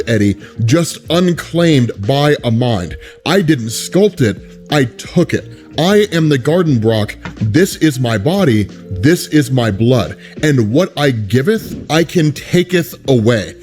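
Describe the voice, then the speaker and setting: A man reading the lines of a gloating, villainous male symbiote god in a slow, deliberate voice. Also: mid-range voice, a little mellow.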